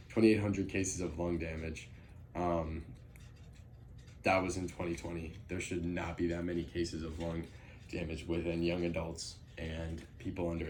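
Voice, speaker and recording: A man's voice: deep voice, a little mellow, a little hiss or hum. A young man giving an earnest persuasive speech, with frequent ums and restarts. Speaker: student speaker.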